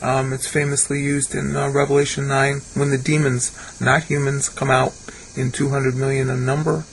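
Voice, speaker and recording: A man giving a screen-share Bible lesson, sounding out Hebrew and Greek words slowly and correcting himself as he goes. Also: medium pitch, completely flat delivery, vocal fry, a little hiss or hum. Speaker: Bible teacher.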